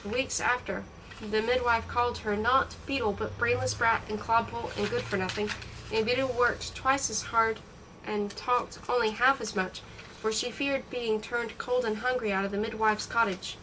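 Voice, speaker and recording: A woman reading a novel aloud in a steady, expressive storytelling voice. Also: a little high, moderate pace, recorded from a distance, a little hiss or hum, low-quality recording. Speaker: audiobook reader.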